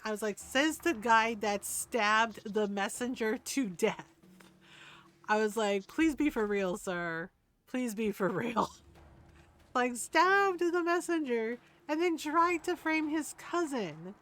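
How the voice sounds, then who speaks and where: A woman's voice: mid-range voice, expressive, slow, a bit bright. A woman streaming a game, chatting casually and rambling, with bursts of indignation. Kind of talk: casual gameplay commentary.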